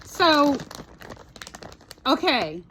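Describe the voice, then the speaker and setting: A chatty woman with a slightly high voice recounts a trip in a loose, rambling storytime style. She swears casually and keeps checking in with "right?", speaking. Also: very animated, very slow, fairly bright tone, a little hiss or hum. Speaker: storytime vlogger.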